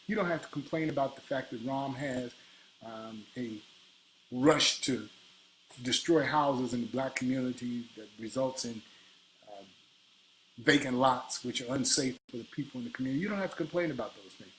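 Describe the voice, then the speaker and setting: Chicago activist in his fifties, combative and emphatic, mid-pitched voice, faint background noise. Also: low-quality recording. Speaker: political activist. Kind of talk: impassioned political monologue.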